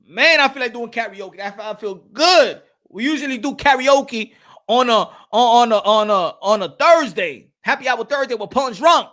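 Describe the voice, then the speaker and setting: With a very high-pitched voice at a moderate pace, the host of a boxing channel chats excitedly and casually on his livestream. He laughs and throws out trash talk.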